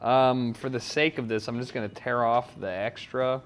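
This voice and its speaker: A man's voice: medium pitch, steady tone, normal speed, soft background music. A man live-streaming as he cooks in his home kitchen, swearing freely and rambling while he answers his chat. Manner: profane, rambling, talks back to chat. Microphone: wired mic.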